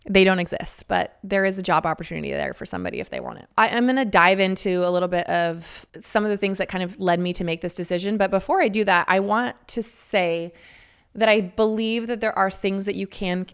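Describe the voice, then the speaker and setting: A woman's voice: mid-range voice, fairly quick, gravelly, fairly bright tone, clean tone. A woman in her thirties hosting a podcast, telling a personal story candidly, chatty and frank with casual swearing. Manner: chatty, frank, swears freely, laughs between phrases. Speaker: podcast host.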